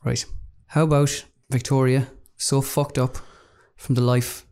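A man co-hosting a casual true-crime chat, explaining his theory in a steady, matter-of-fact way. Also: mid-range voice, measured pace. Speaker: podcast co-host.

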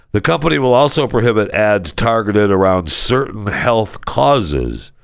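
A man's voice: fairly low pitch, no room sound, clean studio sound. A man co-hosting a casual comedy podcast, ranting sarcastically and in exasperation. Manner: sarcastic, exasperated, swings into mock voices. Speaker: podcast co-host. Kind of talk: casual comedic talk-show rant.

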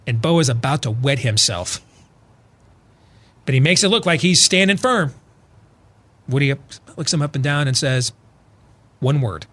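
Male talk-radio co-host, bright tone, lively storyteller, emphatic. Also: medium pitch, moderate pace, pauses often. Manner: animated storyteller, acts out quotes, builds to loud emphatic punches. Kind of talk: political talk radio monologue.

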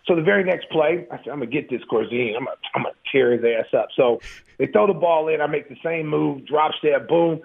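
A man in his fifties, a former pro basketball player, telling profane, animated stories in an interview with frequent laughs over a phone-like line. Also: on the high side, fairly quick, vocal fry, a little hiss or hum. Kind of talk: casual storytelling interview.

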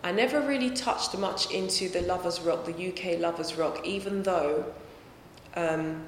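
A woman's voice: on the low side, normal speed, slight background noise. A woman singer, answering interview questions in a conversational way, often correcting herself. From England. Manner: conversational, self-correcting, lively tangents. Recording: echoey room with long reverb.

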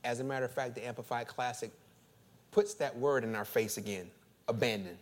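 Preaching man with fiery rising swells. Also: brisk. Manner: preaching with swells of loud, high, laughing emphasis; repeats phrases and restarts when fired up. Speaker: pastor. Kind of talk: sermon.

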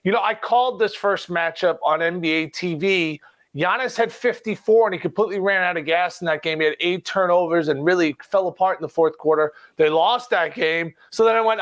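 A man on a sports betting panel, telling stories in an animated, self-deprecating way. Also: high voice, fairly quick. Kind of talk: casual panel chat.

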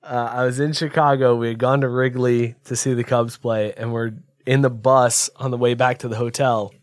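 A man's voice: medium pitch, flat delivery, moderate pace, no room sound. A man telling a rambling, profane comedy story in casual podcast chat. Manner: rambling, profane, self-mocking.

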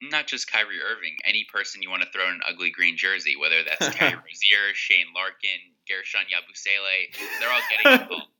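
A man's voice: sits low, expressive, fairly quick, few pauses, bright, forceful tone, low-quality recording. A young man co-hosting a casual sports podcast, with dry, teasing banter. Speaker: podcast co-host.

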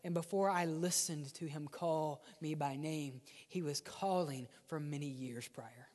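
A male pastor preaching a sermon, swinging between loud, driven lines and hushed, near-whispered ones. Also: a little high, unhurried, big-room sound. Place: church sanctuary.

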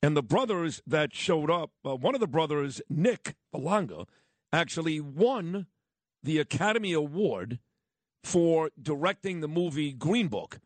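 A man's voice: on the high side, animated, unhurried, no echo. A man hosting talk radio, chatting in a rambling way with offhand asides. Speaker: radio host.

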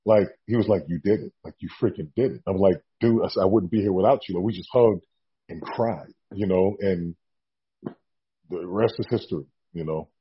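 Husky low-voiced man telling a story. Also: normal speed, dull audio. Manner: animated storyteller acting out quotes. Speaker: guest, former wrestler. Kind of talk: casual storytelling interview.

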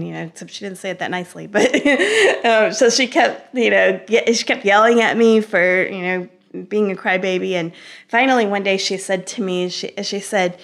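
A woman as an interview guest, telling her story in an animated, conversational way with frequent laughter, fillers and restarts. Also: mid-range voice, moderate pace. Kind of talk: conversational personal testimony.

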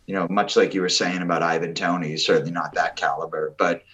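A man's voice: deep voice, little pitch movement, fast talker, a bit bright, highs cut off. A man co-hosting a football podcast, chatting casually with many fillers and restarts. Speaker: podcast co-host.

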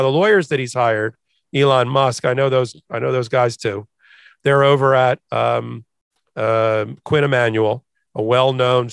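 A man's voice: mid-range voice, fairly bright tone, no room sound. Lawyer guy on a podcast, emphatic, does little voices for quotes, dry mic. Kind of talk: legal commentary chat.

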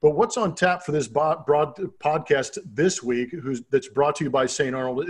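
A man's voice: fairly high pitch, normal speed, few pauses, slightly rough. A middle-aged man co-hosting a sports podcast in loose, rambling, jokey casual chat. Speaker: co-host.

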